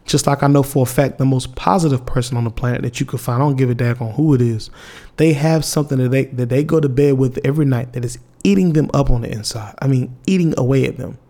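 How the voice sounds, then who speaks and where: A young man with a drawl talks straight to his viewers, loose and candid. He rambles and restarts often and mixes in slang, with a medium pitch that sits in the middle of the male range. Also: fast, warm tone. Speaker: vlogger. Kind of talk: casual heartfelt monologue to viewers.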